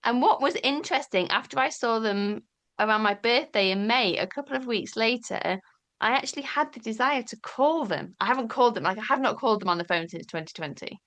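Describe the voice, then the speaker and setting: A woman talking candidly as an interview guest, animated and storytelling, casually swearing and acting out quoted dialogue. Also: on the high side, brisk. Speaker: podcast guest.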